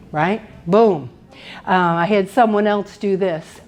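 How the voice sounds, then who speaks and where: A woman's voice: medium pitch, measured pace. A woman teaching a dementia care workshop, telling stories, acting out quotes and laughing often. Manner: animated storyteller, acts out quotes, laughs often. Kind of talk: workshop presentation. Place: indoor workshop room.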